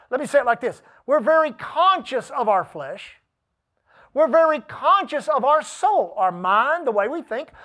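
High-voiced preacher man, emphatic sermon. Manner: emphatic, swinging between shouted peaks and hushed asides; calls for audience responses.

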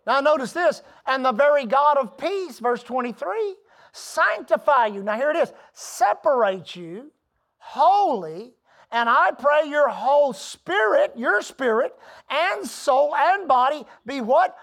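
A pastor preaching a sermon, emphatic, asking the congregation for an "Amen" and building from quiet asides to loud declarations. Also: sits high, big pitch swings, measured pace.

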